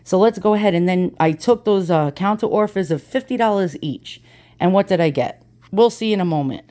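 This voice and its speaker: Speaking fairly quickly in a dark, mid-range voice, a middle-aged woman vlogger recounts a story as she opens packages. Her chat is casual and ranting, blunt and liberally profane.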